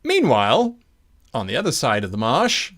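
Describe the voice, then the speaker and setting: Unhurried man narrating as game master. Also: medium pitch, expressive, fairly bright tone.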